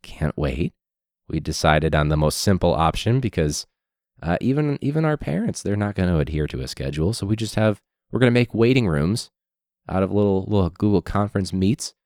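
Male teacher, very low voice, lively sarcastic delivery, throat a little hoarse, profane rant. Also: fairly quick, no room sound, clean studio sound. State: hoarse throat after illness. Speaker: high school teacher. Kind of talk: casual ranting monologue.

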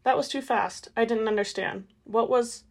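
A woman's voice: on the high side, moderate pace, gravelly. A woman voicing an intense, demanding young male vampire in an audiobook. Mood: pressing. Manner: pressing, hushed.

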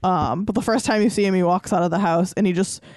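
A man co-hosting a casual podcast chat and dropping crude, deadpan jokes. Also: high voice, quick pace, no echo. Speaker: podcast co-host.

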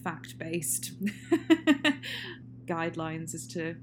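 A woman's voice: low voice, big pitch swings, extremely slow. A woman co-hosting a casual film chat, rambling and laughing often. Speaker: podcast co-host. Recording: faint hum and noise.

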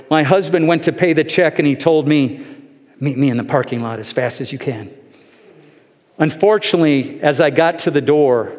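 Male pastor, sermon, earnest emotional storytelling, fairly high voice, long hall reverb. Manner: earnest, emotional storytelling that sinks to soft pleading.

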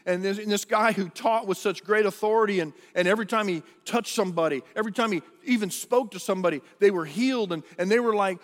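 A male pastor preaches in a high, earnest voice, often restarting his phrases. His words ring out with a long echo in a large church hall. His delivery is conversational rather than polished. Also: quick pace, hardly any pauses. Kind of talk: sermon.

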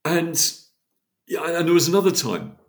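A man's voice: on the high side, moderate pace. A man, a podcast guest telling a story in casual chat, acting out the voices of the people he quotes. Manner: animated, acts out quoted dialogue.

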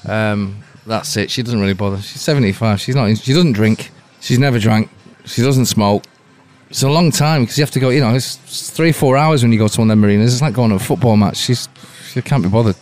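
Brief: man, casual guest, dry deadpan storyteller who acts out the quotes. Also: medium pitch, brisk. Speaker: guest musician. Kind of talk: casual chat. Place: Cork, Ireland.

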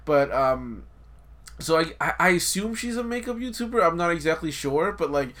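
A man's voice: fairly high pitch, expressive, moderate pace, a bit bright. A man co-hosting a podcast, rambling in casual banter, cursing often and restarting his sentences. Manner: rambling, profane, laughs a lot, many restarts. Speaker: podcast co-host.

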